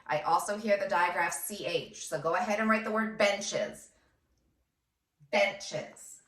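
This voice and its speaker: A first grade teacher woman dictating a phonics lesson, sounding out words slowly and clearly syllable by syllable. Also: medium pitch, fairly bright tone. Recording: echoey room, voice from a distance.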